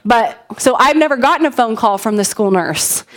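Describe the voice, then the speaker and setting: A woman in her thirties giving a conversational sermon full of personal stories, animated and chatty, asking the congregation questions. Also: fairly high pitch, moderate pace. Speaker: pastor.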